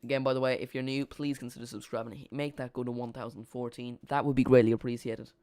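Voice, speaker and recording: A man's voice: medium pitch, little pitch movement, fast, darkish tone, no echo. A man streaming a live football watch-along, chatting casually and often repeating or correcting himself.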